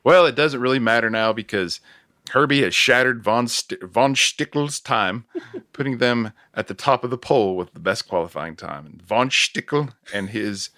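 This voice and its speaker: A man hosting a podcast, casually recapping a movie scene by scene with chuckles and quick self-corrections. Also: medium pitch, sharp tone, no room sound, clean studio sound. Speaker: podcast host recapping a film. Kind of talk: casual plot recap chat.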